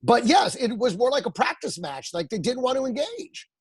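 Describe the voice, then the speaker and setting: A man's voice: very high-pitched, very animated, breathy edge, no echo, clean studio sound. A man co-hosting a podcast in casual chat, wisecracking and jumping in with jokes. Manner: wisecracking, quick to laugh and jump in.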